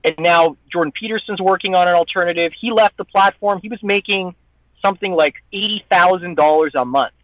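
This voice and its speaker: Guest on a chat show: a high-voiced man venting with profanity, dull lo-fi dry recording. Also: fairly quick, a bit bright, no room sound. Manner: heated, profane ranting with mocking quoted voices. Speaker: guest, online content creator. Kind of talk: casual podcast chat.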